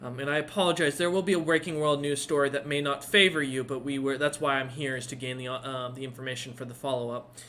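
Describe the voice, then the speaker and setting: A man's voice: mid-range voice, level tone, fast, few pauses, pushed and bright, lightly acted. A man voicing a courteous traveling news reporter who hesitates with many fillers in a tabletop game.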